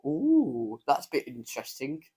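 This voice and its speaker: A man's voice: mid-range voice, wildly swooping pitch, moderate pace, warm tone, a little hiss or hum. A man with an English accent eagerly giving football predictions in casual chat, with short enthusiastic replies.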